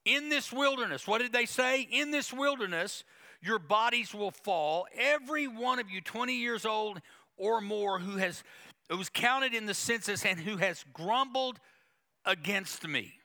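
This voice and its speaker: A man's voice: sits high, expressive, unhurried, vocal fry, bright, forceful tone. A male pastor preaching a sermon, emphatic, with repetition and quoted asides to the congregation.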